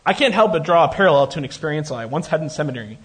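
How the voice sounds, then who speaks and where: A man with a somewhat husky voice preaches a sermon in a relaxed, conversational way. He pitches a little higher than most men, and his voice rises and falls with lively swings as he adds joking asides. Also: rapid-fire.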